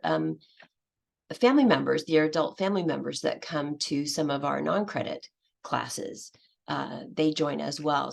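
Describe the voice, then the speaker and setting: A woman with a low, gravelly voice gives a conference presentation as an English language teacher. She sounds hesitant, with lots of fillers and restarts.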